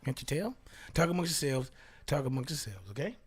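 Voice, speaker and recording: A man's voice: mid-range voice, sing-song, a little fast, slightly rough. A man hosting a casual solo talk show, reading aloud and joking around, laughing often and dropping into whispered asides. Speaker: radio host.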